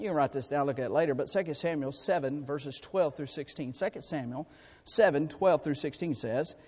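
A man preaching a sermon, emphatic and repetitive, his voice climbing louder and higher to drive home points. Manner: emphatic, rises in pitch and volume for rhetorical points; repeats and restarts words while preaching. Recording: long hall reverb.

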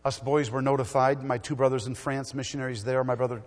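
A middle-aged man preaching a sermon in a church, swinging from loud exhortation to quiet storytelling. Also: mid-range voice, steady tone, fast talker, long reverb tail.

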